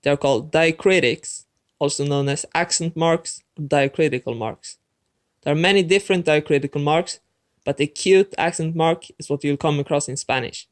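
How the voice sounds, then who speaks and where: A man teaching a language lesson in a clear, methodical scripted narration, talking straight to the viewer. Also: a little high, moderate pace.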